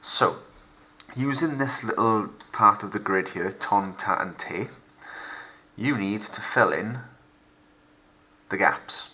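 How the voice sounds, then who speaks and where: Male teacher, deep bright voice, narrating a recorded French lesson with careful, slow pronunciation. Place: home recording for lockdown learning.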